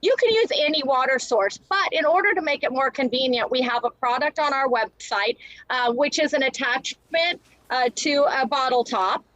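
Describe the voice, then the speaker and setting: High chatty woman guest rattling on with lots of ums, dry close mic. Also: fairly bright tone, no echo, muffled recording. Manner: chatty, quick with many restarts and fillers. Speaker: guest entrepreneur. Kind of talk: casual interview chat.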